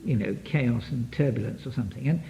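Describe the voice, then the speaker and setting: A man's voice: mid-range voice, brisk, creaky. A man lecturing to an audience as a psychotherapist, digressive and full of restarts. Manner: lively, digressive, many restarts, taps out rhythms. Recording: dull lo-fi archive tape.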